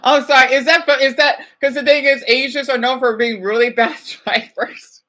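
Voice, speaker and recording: A woman's voice: high voice, steady tone, normal speed, pushed and bright. A woman chatting casually as she reacts to videos, often apologizing and restarting her sentences.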